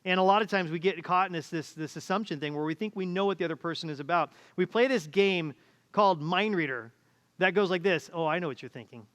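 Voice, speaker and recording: A man's voice: sits high, a little fast, fairly bright tone. A middle-aged man preaching a conversational sermon as pastor, acting out quoted voices, recorded in a church auditorium. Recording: church hall reverb.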